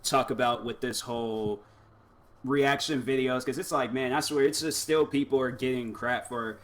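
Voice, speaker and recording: A man's voice: mid-range voice, fairly even intonation, normal speed, lightly acted. A man doing a lazy, drawling mock reactor.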